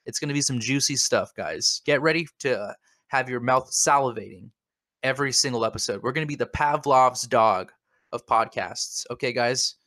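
A man's voice: mid-range voice, normal speed, sharp tone, no room sound, studio quality. A man co-hosting a comedic podcast, rambling in a mock-earnest way and repeating his words. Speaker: podcast co-host.

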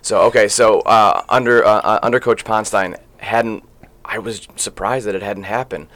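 A man in his late thirties with a somewhat low voice hosts a casual sports podcast from the studio. He talks in a loose, rambling way and fills his sentences with filler sounds. He sounds at ease as he chats with his guests. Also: fairly even intonation, normal speed, a bit bright. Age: late 30s. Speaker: podcast host.

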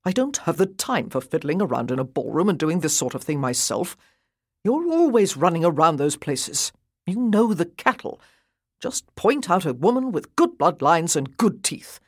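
A woman's voice: lowish voice, big pitch swings, moderate pace, breathy edge, no room sound, clean studio sound, heavily acted. A woman reading as a blunt, impatient young earl who thinks mostly of horses, speaking in curt commands.

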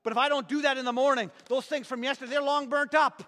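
Preaching fast and with energy, a man with a very high-pitched voice delivers a sermon built around an object lesson, hammering each point with emphatic repetition. His voice fills a church hall, and a long reverb trails after his words.

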